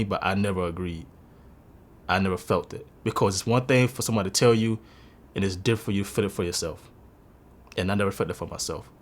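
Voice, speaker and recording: A man in his twenties telling his own life story in an earnest, confessional and emotional way. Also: low-pitched. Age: 20s. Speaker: interviewee sharing a personal story. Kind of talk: candid personal testimony.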